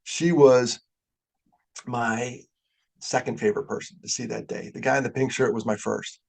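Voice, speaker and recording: Fired-up older man with a gravelly voice. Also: mid-range voice, normal speed. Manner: animated, gets fired up. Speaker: keynote speaker. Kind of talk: storytelling talk. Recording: webinar audio.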